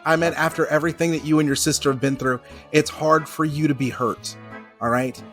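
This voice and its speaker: A man voicing a calm older male mentor acting as a therapist, speaking in a coaxing, patient way. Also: fairly high pitch, a little fast, faint music behind, natural voice. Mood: soothing.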